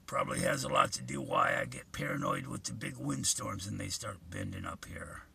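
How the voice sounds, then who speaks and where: A man's voice: on the low side, wildly swooping pitch, brisk, gravelly, bright, forceful tone, a little hiss or hum. An older man telling a vivid, profane personal story in an earnest way.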